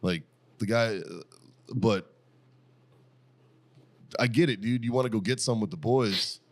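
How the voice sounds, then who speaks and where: A middle-aged American podcast host with a lowish voice talks unhurriedly. In casual chat he tells profane stories and laughs often along the way.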